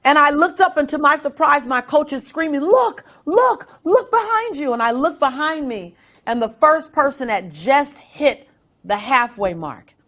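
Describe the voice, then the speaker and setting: Animated woman telling a story. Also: high voice, moderate pace. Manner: animated, dramatic storytelling with acted quotes. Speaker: guest. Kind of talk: storytelling interview.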